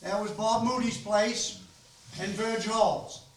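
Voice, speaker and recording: A man's voice: sits high, fairly even intonation, slow, recorded from a distance. Older Maine man telling stories in an echoey room. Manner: rambling, folksy, full of ums and restarts. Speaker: host of a storytelling gathering. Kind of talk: casual storytelling to an audience. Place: library meeting room.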